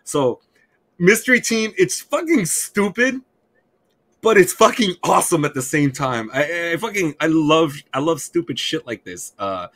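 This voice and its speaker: Brief: excitable, foul-mouthed male podcast co-host with a bright, slightly high voice. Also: measured pace. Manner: excited, profane, rambling. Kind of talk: casual chat.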